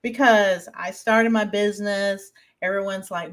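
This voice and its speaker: A woman's voice: mid-range voice, measured pace. A woman with a Southern US accent co-hosting a podcast, chatting casually in a folksy way and laughing often. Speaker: podcast co-host. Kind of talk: casual chat.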